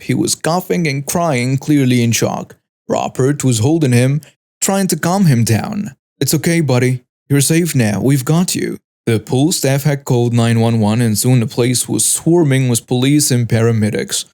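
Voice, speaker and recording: A man narrating a first-person story in a steady, even storytelling delivery. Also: mid-range voice.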